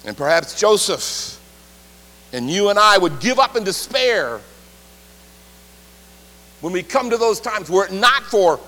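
A man preaching a sermon, leading the congregation in call-and-response and shifting between loud and quiet delivery. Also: high voice, very animated, unhurried, long pauses. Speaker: pastor. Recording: reverberant hall, faint hum.

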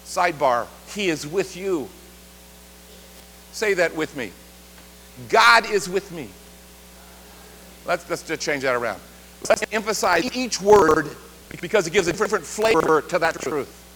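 High-voiced man preaching in a hall. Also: expressive, a little slow, pauses often. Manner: call-and-response preaching, varying loudness. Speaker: pastor. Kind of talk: sermon. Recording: reverberant hall, faint hum.

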